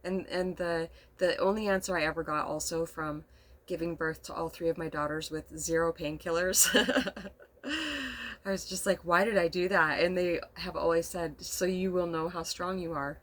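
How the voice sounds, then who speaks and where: Soft-spoken middle-aged woman, emotional and rambling. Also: fairly low pitch, steady tone, normal speed. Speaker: vlogger. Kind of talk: casual storytelling monologue. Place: inside a camper.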